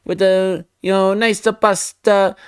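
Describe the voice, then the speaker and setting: A man's voice: high-pitched, level tone, slow pace, clear, resonant tone, no echo, clean studio sound, voice pushed up. A man voicing a cheery stereotyped Italian man who raves about pizza, using an exaggerated mock Italian accent in a playful, sing-song way. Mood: jolly.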